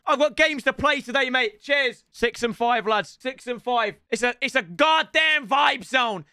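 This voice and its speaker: A young man streaming a football video game, chatting to the lads in cheeky banter and breaking into loud outbursts. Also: very high voice, measured pace, hardly any pauses, no room sound, clean studio sound. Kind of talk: gaming stream commentary. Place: home room with builders' noise outside. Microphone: headset.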